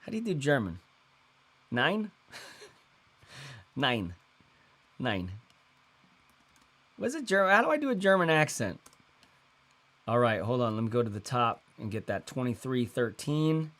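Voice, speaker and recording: A man's voice: medium pitch, very animated, normal speed, long pauses, fairly bright tone. A man in his thirties hosting a casual livestream, talking in a loose, rambling way with lots of fillers and slang. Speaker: host.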